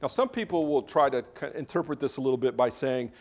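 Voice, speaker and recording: A man preaching in a relaxed, conversational sermon style. He restarts his sentences often and drops in jokes. His voice sits at an ordinary middle pitch. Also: fast talker. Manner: informal, self-correcting, joking asides. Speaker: pastor.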